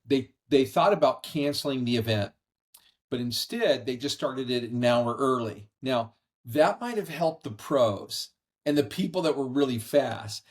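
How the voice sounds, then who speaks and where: A man's voice: medium pitch, measured pace. Earnest middle-aged man telling a story. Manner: earnest, animated storyteller acting out quoted voices. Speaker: podcast guest. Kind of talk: conversational storytelling. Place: brother-in-law's house.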